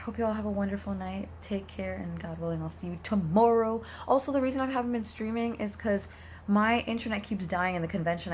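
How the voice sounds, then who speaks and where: Her voice is on the low side and darkish, with slight noise in the background. A young Canadian streamer, she's losing her voice yet keeps chatting and rambling to viewers, saying "um" and "like" often.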